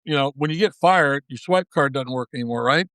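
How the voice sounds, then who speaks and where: A man's voice: medium pitch, fairly quick, a bit bright, no echo. A man in his sixties, a guest in a podcast interview, telling a long story in a folksy way and acting out the quoted dialogue. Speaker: guest, former baseball manager.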